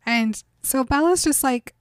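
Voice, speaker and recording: A young woman casually recapping a book with a friend, sarcastic, quoting lines in quick bursts. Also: sits high, clean tone, no room sound, clean studio sound. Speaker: podcast co-host recapping a book. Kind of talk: casual chat.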